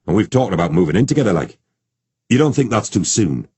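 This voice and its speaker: An eager young cop, naive and a bit nervous, as a man puts him on. He sits higher than the narrator's own deep voice, with a husky edge. The recording is dry. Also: very animated, quick pace, a little mellow, no room sound.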